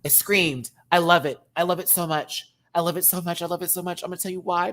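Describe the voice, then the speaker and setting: Animated Texan man with a light twang. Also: high voice, fast, few pauses. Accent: light Southern US twang. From Texas. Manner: animated, exclaiming, repeats words for emphasis. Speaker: drag show reviewer. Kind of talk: casual video review rant.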